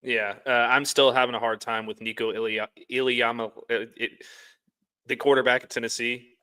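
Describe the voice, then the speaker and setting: A man's voice: mid-range voice, flat delivery, normal speed, sharp tone, smooth, no echo. A man co-hosting a sports talk show, chatting casually and often stumbling over his words.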